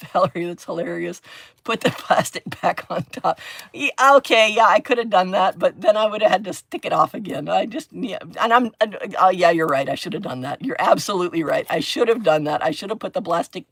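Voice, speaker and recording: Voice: mid-range voice, creaky, fairly bright tone, husky, no echo. Chatty, giggly middle-aged crafting host. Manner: chatty, giggly, exclaims often. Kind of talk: casual livestream chat while crafting.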